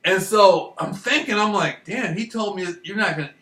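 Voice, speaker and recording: A vlogger tells rambling, profane stories in a casual monologue, often laughing as he talks. His voice is high, pushed and bright at a moderate pace. The room is echoey and his voice sounds far from the mic.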